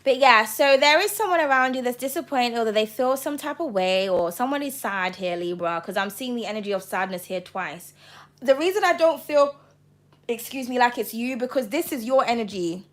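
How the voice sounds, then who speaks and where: Woman, high pitch, tarot reader to camera; passionate, blunt, profane delivery. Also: lively intonation, brisk.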